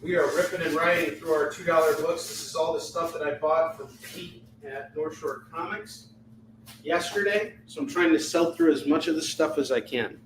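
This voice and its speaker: A man with a fairly high voice hosts a live shopping stream, rattling off items and prices rapid-fire in a chatty, joking manner. The low-quality recording carries a little hiss or hum.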